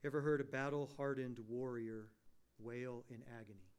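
A man's voice: mid-range voice, fairly even intonation, normal speed, darkish tone, clear, resonant tone. Impassioned preacher, man. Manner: preaching with rhetorical questions, rising to emphatic peaks. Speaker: pastor. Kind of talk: sermon.

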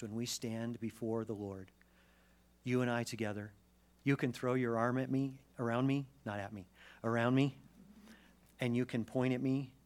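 A pastor preaching a sermon, swinging between loud emphatic declarations and quiet, low asides. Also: male voice.

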